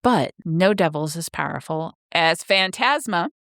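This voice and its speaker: A woman's voice: on the low side, expressive, measured pace, vocal fry, fairly bright tone, dry recording, clean studio sound. A woman co-hosting a book podcast, steadily explaining a novel's backstory in casual chat.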